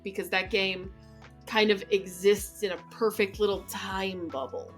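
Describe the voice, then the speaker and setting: A woman co-hosting a podcast in casual gaming chat, animated, laughing often and checking in with "right?". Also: medium pitch, a little slow, faint music behind. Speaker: podcast co-host.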